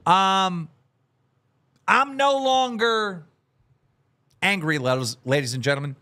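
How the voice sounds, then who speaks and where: A man hosting a livestream podcast, shouting out supporters in a sing-song hype voice and then talking low and downbeat. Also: takes it slowly. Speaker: podcast host. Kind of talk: livestream podcast chat, reading out supporter names.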